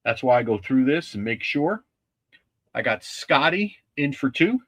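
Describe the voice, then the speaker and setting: A man hosting a casual livestream with a husky voice, talking in a rambling, halting way with many restarts. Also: medium pitch, very animated, fairly bright tone. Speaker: livestream host.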